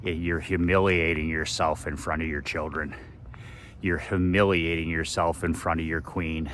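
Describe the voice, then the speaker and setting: A man's voice: a bass voice, level tone, moderate pace, a bit bright, a little hiss or hum. A man giving a blunt, profane motivational monologue as a business coach, repeating phrases for emphasis.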